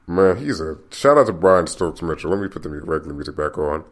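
Man, podcast host, very low voice, rambling solo talk, repeats himself, open and confiding. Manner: rambling, repeats and restarts phrases. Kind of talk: casual solo podcast monologue.

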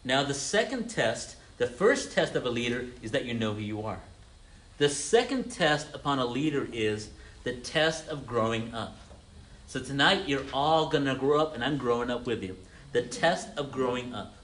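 A man's voice: medium pitch, expressive, normal speed, a bit bright. A man preaching an interactive sermon to a congregation, calling on listeners by name, repeating their answers, and often restarting his words. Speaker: pastor teaching a congregation.

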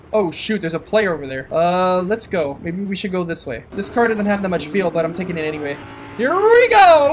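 A man giving chatty let's-play commentary on his own gameplay, excitable and breaking into loud whoops and shouts. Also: sits high, a little hiss or hum. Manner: chatty running talk to the viewer. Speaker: gaming channel host.

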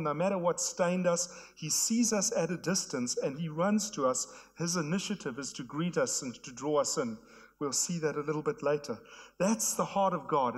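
A hoarse man, preaching an earnest sermon to his church. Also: a little high. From South Africa. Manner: earnest, repetitive emphatic phrasing. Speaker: pastor. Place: church hall. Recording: long hall reverb.

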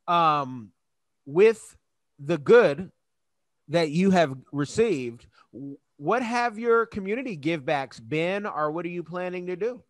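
A man's voice: fairly high pitch, expressive, slow, dry recording, studio quality. A man hosting a podcast, chatting casually with a guest and laughing easily. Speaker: podcast host. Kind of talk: casual interview chat.

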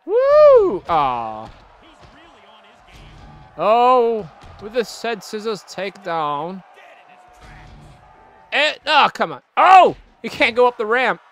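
A man commentating his own wrestling video game play, excitable and profane, trash-talking his opponent, groaning at hits and yelling when things go wrong. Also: sits high, slow, pauses often, soft background music. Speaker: gameplay commentator.

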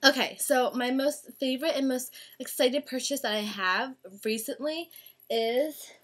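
Young woman, slightly high-pitched, casual haul vlog, gushing, chatty. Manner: gushing, chatty, drawn-out words. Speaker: vlogger. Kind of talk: casual haul video chat.

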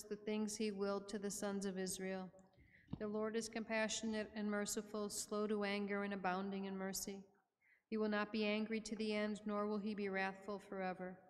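Woman reading psalms in a church. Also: medium pitch. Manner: steady, measured recitation. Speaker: reader of psalms. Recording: long church reverb.

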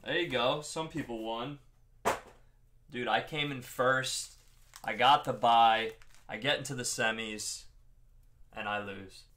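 A young man with a Long Island accent hosts a live stream as he rips card packs, chummy and casual, calling out to viewers by name. His voice is bright and forward. There is faint noise behind him. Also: mid-range voice, unhurried, long pauses. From Long Island, New York. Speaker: card break host.

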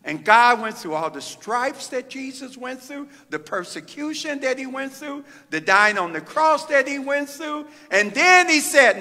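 A middle-aged man from the Midwest, a pastor delivering a fervent sermon with drawn-out phrases and pauses in a church sanctuary. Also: very high voice, lively intonation, sharp tone. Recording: reverberant church hall.

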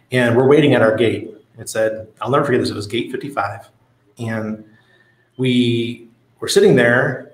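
A man's voice: medium pitch, reverberant, low-quality recording. A man hosting a casual livestream, reading out viewer comments and telling stories in a blunt, profane way. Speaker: crypto livestream host.

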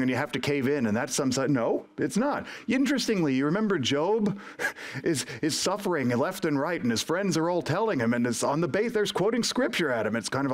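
A man delivers a sermon from the pulpit of an online church service. He preaches earnestly, driving points home with emphasis and slipping into acted prayers and quoted voices. His voice sits a bit higher than most men's. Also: big pitch swings, a little fast.

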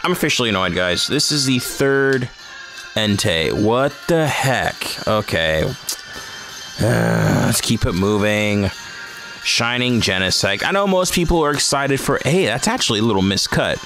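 A man's voice: medium pitch, expressive, unhurried, music in the background. A man hosting a casual card-opening vlog, chatting and reacting aloud to each card he pulls. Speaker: host of a card-opening channel.

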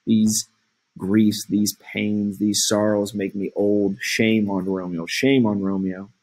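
A blunt, bitter older nurse, read aloud by a man. The voice is husky and low, with a flat, even line. The delivery is plain and unhurried, read straight from a play. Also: poor audio.

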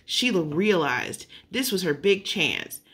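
A woman's voice: on the low side, very animated, slow, a bit bright. A woman reading a children's story aloud, unpolished, with occasional slips and self-corrections. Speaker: narrator.

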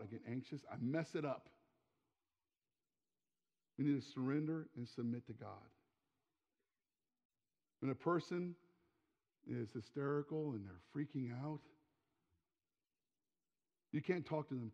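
A pastor in his forties preaching a sermon in a church sanctuary, emphatic and given to repeating words, often dropping to a quiet, intimate tone. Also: medium pitch, a little slow, long pauses. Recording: long hall reverb, dull lo-fi sound.

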